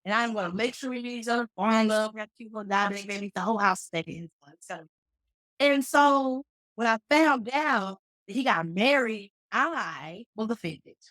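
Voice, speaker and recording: A woman's voice: a little high, normal speed, no room sound, low-quality recording. Joking woman in her thirties from Dallas. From Dallas, Texas. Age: 30s. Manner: joking, animated storyteller with playful asides. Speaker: guest, comedian and flight attendant. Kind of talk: casual storytelling interview. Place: remote call.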